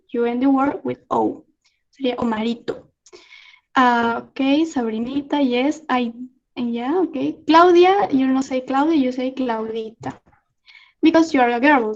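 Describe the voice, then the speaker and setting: A young Peruvian woman with a Spanish accent, teaching slang in an online lesson, halting with many fillers and frequent laughs. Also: high voice, dull audio. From Peru. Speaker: student exchange presenter. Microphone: video call.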